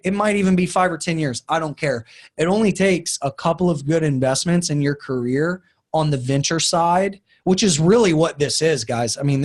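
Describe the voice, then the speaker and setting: A man giving a casual, enthusiastic webinar talk on crypto investing, chatty and full of fillers. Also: a little high.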